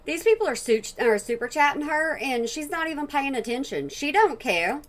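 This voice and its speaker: A woman's voice: high voice, lively intonation, normal speed. Blunt woman reacting to a clip. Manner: blunt, opinionated. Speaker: reaction channel host. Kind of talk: casual commentary.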